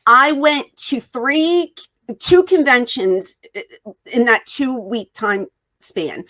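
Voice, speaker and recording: Woman interview guest, higher-pitched, animated storyteller who voices the quotes. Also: slow. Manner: animated, acts out quoted dialogue. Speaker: wrestling guest.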